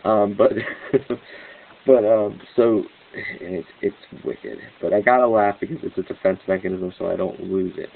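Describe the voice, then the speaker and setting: A man giving a rambling, excitable commentary monologue as host of his own news channel, with restarts and cynical laughs. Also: fairly low pitch, moderate pace, creaky, a little hiss or hum. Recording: tinny phone-like line.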